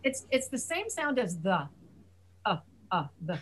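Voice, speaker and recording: A woman's voice: medium pitch, very animated, unhurried, a bit bright, rough recording. A woman teaching English pronunciation in an online class, patiently repeating and demonstrating sounds. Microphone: video call.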